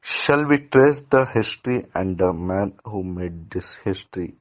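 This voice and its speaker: Brief: low-pitched man, student, reads a lesson slowly with stumbles, dull lo-fi recording. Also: animated. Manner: halting reader with small slips and restarts. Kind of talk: reading a textbook lesson aloud.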